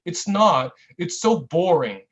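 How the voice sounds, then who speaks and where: A man at an online open mic, reading a comic piece in a mock-earnest, satirical way and drawing out his deadpan asides. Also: fairly high pitch, takes it slowly, highs cut off. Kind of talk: comic spoken-word reading.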